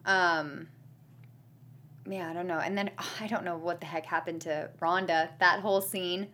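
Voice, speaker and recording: A woman's voice: fairly low pitch, steady tone, normal speed, sharp tone, a little hiss or hum. A young woman co-hosting a casual podcast, chattering and giggling as she recaps an episode. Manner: chatty, giggly, acts out quotes in shifting voices. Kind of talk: casual chat.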